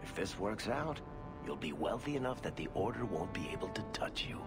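A smooth-talking dwarf, low and lively. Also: male voice, a little fast. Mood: persuasive. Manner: persuasive, dry, easygoing. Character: smooth-talking dwarf man, wry merchant ally. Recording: game audio under loud music. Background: loud background music.

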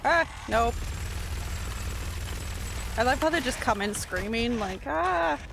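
A woman streamer giving live gameplay commentary, excitable, yelping and talking to herself as she plays. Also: on the high side, slow. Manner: excitable, yelps and talks to herself while playing. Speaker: game streamer. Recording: steady background noise.

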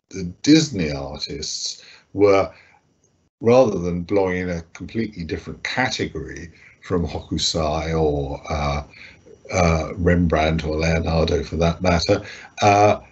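Deep husky-voiced man, halting talk. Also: darkish tone, highs cut off. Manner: hesitant, many fillers and restarts. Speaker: guest speaker, art critic. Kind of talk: lecture-style talk over slides.

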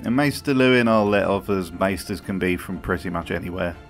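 A man's voice: deep voice, brisk, soft background music. A man delivering comedic scripted commentary in a dry, sardonic way. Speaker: video host.

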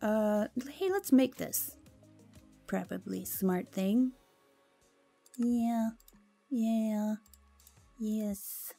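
A woman's voice: mid-range voice, extremely slow, vocal fry, pauses often, mellow, faint music behind. A woman giving casual gameplay commentary, chatty and easily flustered, jumping to exclamations and dropping into whispers when nervous.

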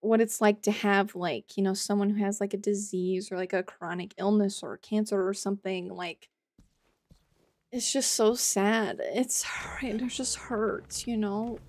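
Slow-talking emotional woman streamer. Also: medium pitch, steady tone, darkish tone. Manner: emotional, rambling, with many "like"s. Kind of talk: live game commentary.

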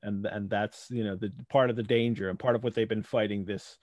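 A man hosting a live online book discussion, reading closely and talking with animated swings in pitch over a video call. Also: a little fast, no echo, clean studio sound. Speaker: host.

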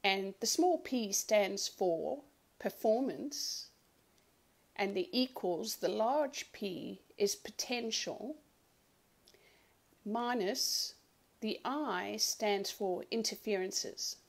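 A woman coach speaks to a live online group in a loose, conversational way. She laughs often and stops to greet viewers by name. Her voice sits at an ordinary middle pitch for a woman, recorded through a home computer mic. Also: lively intonation, drawn-out words. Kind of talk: live online workshop talk. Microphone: home computer mic on a live stream.

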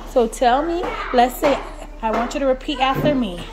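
A young woman teacher patiently calming a small child, speaking in a soothing, reassuring way in a classroom. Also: high-pitched, normal speed. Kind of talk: gentle coaching of a young child. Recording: noticeable background noise.

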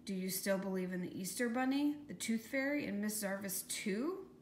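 A woman's voice: medium pitch, expressive, normal speed, close to an everyday voice. A woman voicing a bratty, spoiled schoolgirl who sneers like a know-it-all, read in a storybook. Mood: snide. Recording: echoey room with faint hiss.

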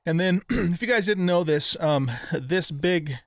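A man's voice: sits high, lively intonation, measured pace, dry recording. An older man casually talking through his gameplay as the host, with frequent ums and restarts. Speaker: gaming YouTuber.

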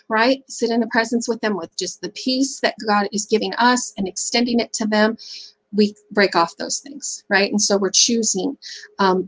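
A woman's voice: medium pitch, low-quality recording. A middle-aged woman speaking at a faith-based seminar, candid and conversational, often checking in with "right?".

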